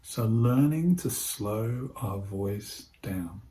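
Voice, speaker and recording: A man giving an instructional talk on voice techniques, speaking in a calm, measured way and slowing his speech with deliberate pauses. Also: lowish voice. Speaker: presenter teaching voice techniques to healthcare staff.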